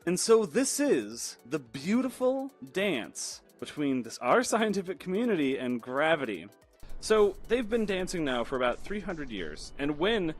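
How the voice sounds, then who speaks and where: A man hosting a video essay, telling a playful, exasperated explainer story. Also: mid-range voice. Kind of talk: animated explainer commentary.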